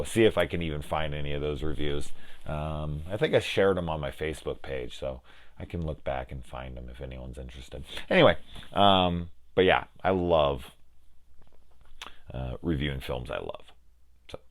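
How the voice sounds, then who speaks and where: A young man reviewing a film in a casual, rambling way, swearing freely and acting out bits of conversation. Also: deep voice. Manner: rambling, profane, with lots of "like" and quoted dialogue.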